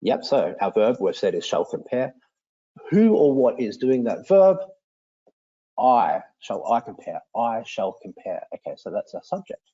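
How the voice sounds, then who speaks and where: A man teaching, demonstrating software for a lesson in an explanatory, enthusiastic way. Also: a little slow, breathy edge, highs cut off. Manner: explanatory, enthusiastic, with lively pitch swings.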